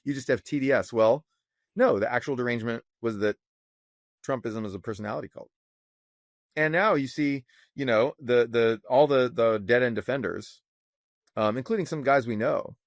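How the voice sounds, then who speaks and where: A man co-hosting a casual podcast on economics, talking in an animated, sarcastic way and swearing freely. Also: mid-range voice, no room sound, clean studio sound. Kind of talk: casual opinionated chat.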